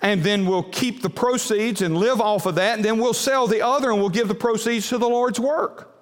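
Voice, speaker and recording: A man's voice: sits high, moderate pace, voice pushed up, lightly acted. A preacher playing an earnest, pious farmer telling his family his plans, with a long hall reverb.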